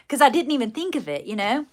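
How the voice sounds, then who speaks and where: A woman livestreaming, chatting straight to her viewers in a loose, rambling way. Her voice sits a little high, and she keeps circling back with fillers and restarts as she tells her story. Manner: folksy, addresses viewers directly. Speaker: live streamer. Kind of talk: casual live-stream storytelling.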